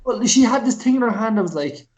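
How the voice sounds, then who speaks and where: Swearing man with a higher voice. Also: lively intonation, fast talker, a crowd in the background. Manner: swears freely, quotes his own reactions. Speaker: podcast co-host. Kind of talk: casual film review chat.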